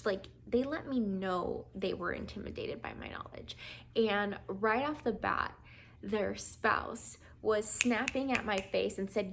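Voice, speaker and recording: Young nurse lady chatting away, upbeat, laughs a lot, hiss in the background. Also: mid-range voice. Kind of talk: casual storytelling vlog.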